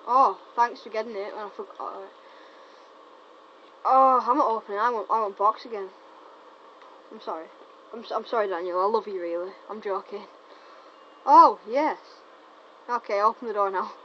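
A woman rattles off casual gameplay commentary, teasing and excitable, tripping over her own words. Her voice sits at an ordinary pitch for a woman. The recording is muffled and lo-fi, with a faint hiss underneath. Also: moderate pace, long pauses. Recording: dull lo-fi recording with faint noise.

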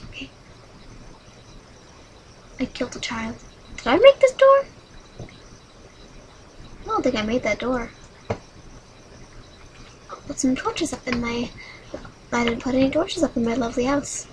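A woman hosting a solo game video, chatting dramatically with sudden high squeals. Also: animated, a little slow, pauses often, a little hiss or hum, poor audio. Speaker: gaming channel host.

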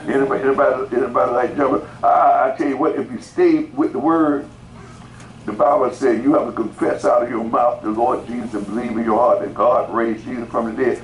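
A man's voice: mid-range voice, fairly even intonation, brisk. A male pastor preaches a sermon, repeating words and calling out to the congregation in rising bursts. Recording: roomy echo, faint background noise.

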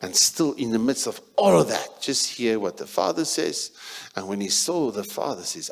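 A South African man preaching a sermon as a pastor, emphatic, shifting between loud and soft passages. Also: mid-range voice, very animated, normal speed, vocal fry.

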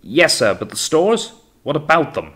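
Dutiful young sea officer, read by a man, low voice, loud hails. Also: very animated, brisk. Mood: shouting. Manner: calls out loudly across the water.

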